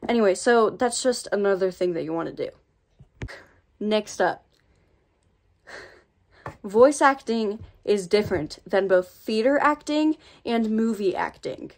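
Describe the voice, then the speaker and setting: An American woman hosting a casual voice acting tutorial vlog, talking in a chatty, rambling and playfully sassy way into her own microphone. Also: fairly high pitch.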